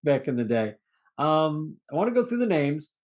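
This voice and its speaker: A man's voice: fairly high pitch, big pitch swings, normal speed. A man co-hosting a casual movie review podcast, rambling through cast names with restarts and chuckles. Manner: rambling, restarts, laughs at own jokes. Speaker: podcast co-host.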